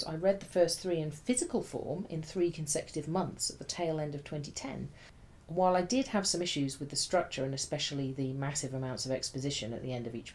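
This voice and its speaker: A woman's voice: low-pitched, darkish tone, a little hiss or hum. A woman reading a scripted book review in a dry, wry, chatty manner.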